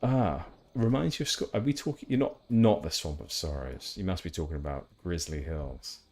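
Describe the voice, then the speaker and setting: A man's voice: low voice, lively intonation, moderate pace, darkish tone, slightly rough. A man chatting casually while streaming a game, rambling with asides. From England. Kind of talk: casual gameplay chat.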